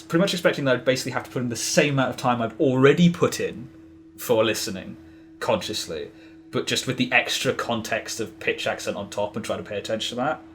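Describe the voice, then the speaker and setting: In a casual interview chat, a man rambles as a podcast guest, his talk peppered with fillers and restarts. He has a mid-range voice with a fairly bright tone.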